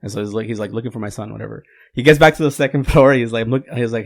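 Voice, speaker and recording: A man's voice: mid-range voice, fast, creaky. A man whose first language is Spanish, a podcast guest telling a long joke in casual chat and laughing mid-sentence.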